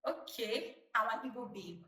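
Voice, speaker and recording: A woman's voice: fairly high pitch, moderate pace, loud music behind the voice. Nigerian woman in her twenties, roomy sound. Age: 20s. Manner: chatty, lively retelling with acted-out quotes. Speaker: vlogger. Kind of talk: casual storytelling to camera. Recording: roomy, distant mic.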